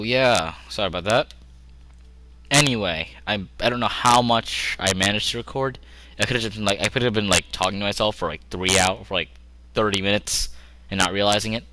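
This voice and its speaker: A man's voice: on the low side, sharp tone, rough recording. A young man giving rambling, joking commentary while playing a strategy game at his computer, often talking to himself. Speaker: gameplay commentator. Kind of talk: casual gameplay commentary.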